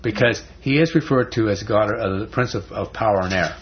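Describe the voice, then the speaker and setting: A man's voice: lowish voice, brisk. A man teaching a Bible study in a conversational, folksy way, often restarting words. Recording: dull lo-fi recording.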